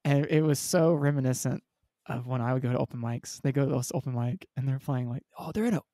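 A man co-hosting a casual podcast, chatting about movies in an animated way and laughing often. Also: medium pitch, dry recording, clean studio sound. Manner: animated, laughing, does quick movie impressions. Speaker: podcast co-host. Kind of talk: casual chat.

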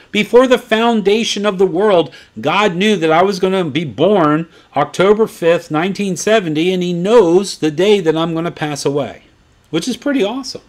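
A man in his fifties teaching from the Bible in a sermon style, swinging between quiet asides and excited high points. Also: moderate pace. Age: 50s. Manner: animated, swings from low asides to excited peaks.

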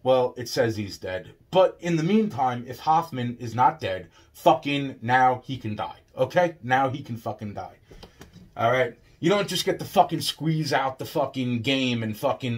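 A man delivering a rambling, profane monologue that swings between loud outbursts and low muttering. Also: animated, moderate pace.

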